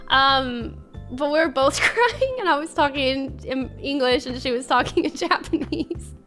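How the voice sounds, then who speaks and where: Young female streamer, casual chat and giggly storytelling, a bright voice with faint music behind it. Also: high-pitched, lively intonation, measured pace. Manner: reads chat and thanks viewers.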